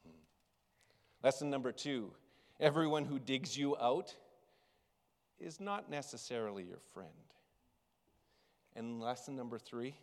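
Animated pastor preaching in a hall. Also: male voice, medium pitch, a little slow, pauses often. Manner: animated storytelling with big swings in loudness. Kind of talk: sermon. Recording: long reverb of a large hall.

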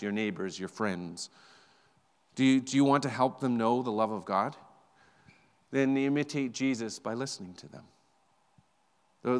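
This male pastor's sermon comes across as animated, conversational storytelling peppered with repeated words. His medium-pitched voice is clear and resonant, followed by a long reverb tail.

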